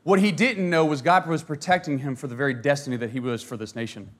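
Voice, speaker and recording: A man telling a history story in a casual, animated way, with fillers, asides and a joke now and then. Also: medium pitch, quick pace. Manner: animated, conversational, jokes and asides.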